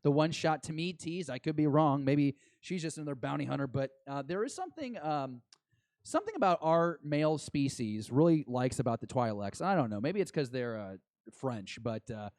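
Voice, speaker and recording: A man co-hosting a podcast, chatting excitedly and rambling as an eager fan. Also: a little high, normal speed, no room sound, clean studio sound. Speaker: podcast co-host. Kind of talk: casual chat.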